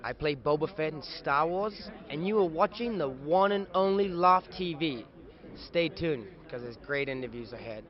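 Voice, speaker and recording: Animated young man at a fan convention. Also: on the high side, normal speed. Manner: animated, playful, chatty storyteller. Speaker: actor guest. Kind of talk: casual convention interview. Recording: dull lo-fi sound.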